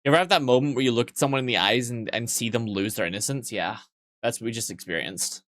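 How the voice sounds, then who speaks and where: A man's voice: medium pitch, fast talker, fairly bright tone, dry recording, clean studio sound. A man live-streaming and joking crudely with his chat, sleep-deprived yet weirdly awake, in a playful teasing manner.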